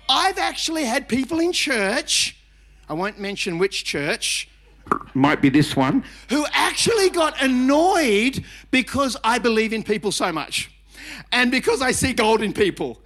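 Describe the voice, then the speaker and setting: High-voiced pastor preaching with loud bursts. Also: male voice. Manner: emphatic, with shouted rises and repeated phrases; chatty and self-mocking. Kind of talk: energetic sermon.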